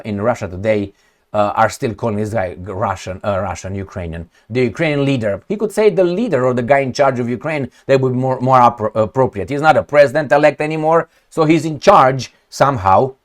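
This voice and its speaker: A man's voice: medium pitch, lively intonation, a little fast. A man giving ranting commentary on news clips, blunt, profane and sarcastic. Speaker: political commentator.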